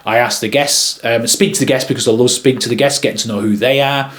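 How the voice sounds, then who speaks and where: A man who works as a wedding videographer, telling a story to camera in a chatty, rambling way with frequent pauses. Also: medium pitch, fairly even intonation, a bit bright.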